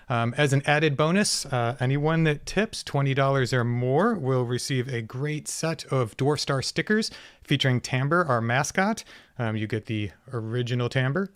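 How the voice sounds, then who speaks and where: Smooth-voiced male concert stream host. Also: medium pitch, no echo, studio quality. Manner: relaxed, with frequent ums and uhs. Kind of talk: live-stream announcement.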